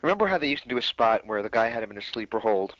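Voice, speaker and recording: A man's voice: fairly low pitch, very animated, racing, a bit bright, no echo. A man co-hosting a wrestling podcast, rambling through opinionated stories in casual chat. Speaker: podcast co-host. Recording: dull lo-fi podcast audio.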